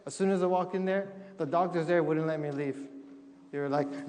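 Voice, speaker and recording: A man's voice: on the high side, fairly quick, darkish tone. Young man telling stories in a church hall. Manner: humorous storytelling, acting out quotes. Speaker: missionary speaker. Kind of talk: testimony talk to a congregation. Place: church sanctuary.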